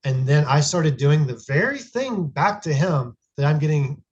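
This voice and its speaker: A man's voice: fairly high pitch, lively intonation, a little slow, darkish tone, lo-fi sound. A man in his thirties, a podcast guest, telling a family story in an earnest, reflective way with frequent restarts. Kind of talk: casual conversational storytelling.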